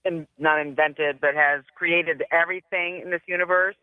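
A man with a smooth, fairly high voice speaks over a thin phone line to a radio host. He sounds earnest and asks probing questions. The line is dry and close. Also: fairly even intonation, moderate pace, no echo. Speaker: caller. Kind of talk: chat on a radio call-in show.

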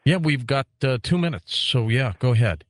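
A middle-aged male radio host from Detroit talks in a chatty, animated way, his pitch rising and falling a lot. His voice sits mid-range, and the studio sound is dry and close. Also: moderate pace, no echo. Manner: animated and chatty, stammers at starts. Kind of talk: conversational radio talk.

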